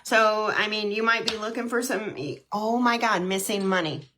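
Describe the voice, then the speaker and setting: A woman's voice: mid-range voice, fairly even intonation, normal speed, a bit bright, a little hiss or hum. A woman hosting a casual live-stream tarot reading, chatty and heartfelt, with frequent ums and restarts. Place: at home.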